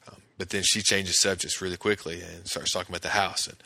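A man's voice: low voice, flat delivery, quick pace, creaky, pushed and bright, dry recording. A man casually recapping a TV episode scene by scene, with plenty of fillers and restarts. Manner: conversational, many fillers and restarts. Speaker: podcast host recapping an episode.

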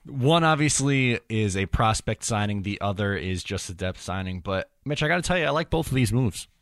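A man's voice: on the low side, expressive, fairly quick, fairly bright tone, no room sound, clean studio sound. A man hosting a podcast in a casual, easygoing way, agreeing with his co-host and steering the show on to the next topic. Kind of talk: casual sports talk.

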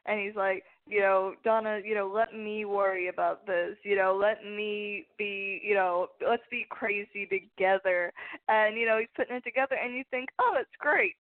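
A woman co-host walks through a favorite scene from a series in a loose, rambling way, quoting her own reactions as she goes. Her pitch is middle-range. The recording is narrow and phone-like. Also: fairly even intonation, normal speed. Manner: rambling, conversational retelling with quoted reactions. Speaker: podcast co-host. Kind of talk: casual podcast chat about a TV show.

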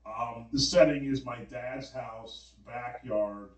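A man telling a long, animated story in casual slang, full of fillers, on a podcast. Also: mid-range voice, slow. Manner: animated, slangy dream retelling with many fillers. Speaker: podcast guest. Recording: roomy, distant mic.

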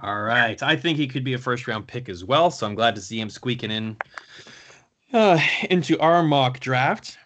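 Guy hosting a podcast, bright voice, chatty and easygoing. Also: medium pitch, lively intonation, moderate pace, a little hiss or hum. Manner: conversational, runs the draft picks. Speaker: podcast host. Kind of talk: casual podcast chat.

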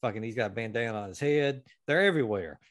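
A man hosting a podcast, telling a long, profane story with lively energy. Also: medium pitch, fast, no echo, clean studio sound. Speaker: podcast host. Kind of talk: casual storytelling chat.

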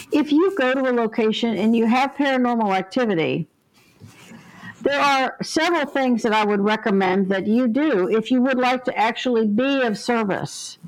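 A woman's voice: on the high side, poor audio. Earnest older woman telling stories. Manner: earnest, vivid storyteller who acts out the voices in her stories. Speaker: interview guest, ghost helper. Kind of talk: storytelling in a podcast interview.

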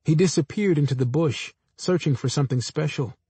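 A man narrates first-person literary fiction in a measured, understated voice. His pitch sits a little above average for a man, and the recording is close and dry, with no room echo. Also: mellow, slightly rough. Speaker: audiobook narrator.

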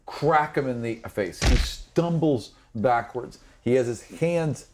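A man's voice: mid-range voice, expressive, slow pace, noisy background. A man running a tabletop role-play game as game master and podcast host, narrating vividly with lots of "like" fillers.

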